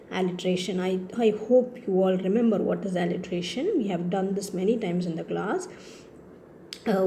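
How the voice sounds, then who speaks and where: A woman's voice: mid-range voice, warm tone, a little hiss or hum. A woman teacher with an Indian English accent, patiently explaining a poem's literary devices and often checking that the children understand. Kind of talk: classroom lesson on poetry.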